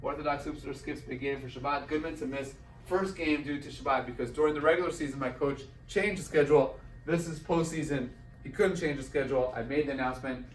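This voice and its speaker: In an echoey event hall, a man speaks from some distance from the microphone, giving the sound a roomy openness. His voice is on the high side and a little fast as he animatedly tells a personal story, voicing its characters.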